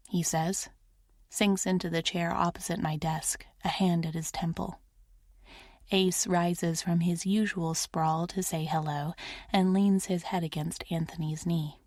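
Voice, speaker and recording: Woman narrator, romance audiobook, slow measured reading, soft intimate tone, lowish voice, dry close sound. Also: steady tone, no room sound.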